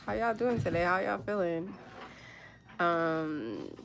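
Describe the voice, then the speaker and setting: Woman, livestream host, casual chat, slow pace, faint background hiss. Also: fairly low pitch, sing-song, vocal fry. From United States. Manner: chatty, greets viewers one by one, laughs often.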